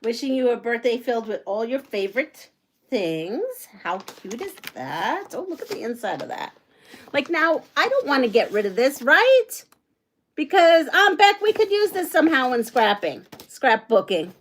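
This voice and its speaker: A middle-aged woman hosting a casual livestream, chatty and excitable, greeting viewers and reading their comments aloud. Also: high voice, normal speed. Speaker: livestream host. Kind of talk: casual live chat while unboxing.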